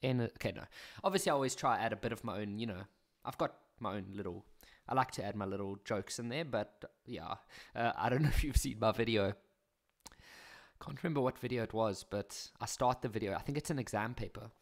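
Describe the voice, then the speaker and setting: A man's voice: lowish voice, a little fast. A young South African man talking through maths exam questions in a chatty way, with jokey, self-mocking asides. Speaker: maths teacher. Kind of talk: casual maths exam walkthrough.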